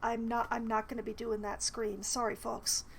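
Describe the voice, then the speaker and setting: A woman's voice: fairly high pitch, level tone, normal speed, vocal fry, a little hiss or hum, rough recording. A woman casually commentating her playthrough of a fantasy role-playing game at home, chatting and reading dialogue aloud. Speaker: game streamer. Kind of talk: casual let's-play commentary. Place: apartment at home.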